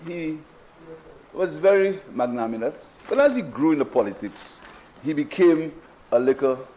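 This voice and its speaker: In a parliament chamber, a prime minister with a Saint Lucian accent delivers a rebuttal speech in a debate, emphatic and mocking and often repeating his phrases. His voice is a little high and a little mellow, and the recording is low quality.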